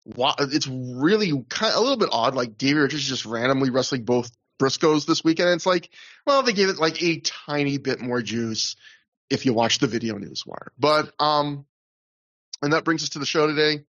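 A man's voice: medium pitch, expressive, moderate pace, a bit bright. Rambling man, slightly muffled podcast audio. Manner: rambling, laughs often, restarts mid-sentence. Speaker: podcast host. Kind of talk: casual podcast chat.

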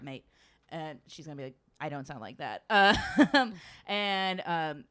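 Lady telling a travel story, kinda low smooth voice, super animated, swears a lot. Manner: animated storyteller, swears freely, acts out quotes. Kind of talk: casual chat.

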